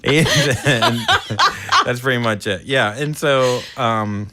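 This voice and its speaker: A man's voice: mid-range voice, measured pace, loud music behind the voice. A young man telling a comic story on a casual podcast, laughing often and acting out the people in it. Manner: animated, laughs often, acts out voices in stories. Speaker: podcast guest, comedian.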